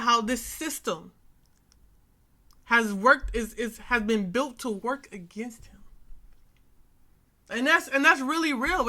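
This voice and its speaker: A woman's voice: high-pitched, pushed and bright. A young woman hosting a reaction video, talking in a casual, earnest way and repeating phrases for emphasis. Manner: frequent "you know what I'm saying" fillers.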